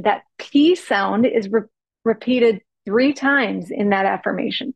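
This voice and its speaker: A woman presenting a workshop as a coach, playful and animated, savoring and stretching out the sounds of words and acting out example phrases. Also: mid-range voice, measured pace, creaky, husky, dry recording, lo-fi sound. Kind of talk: teaching workshop talk.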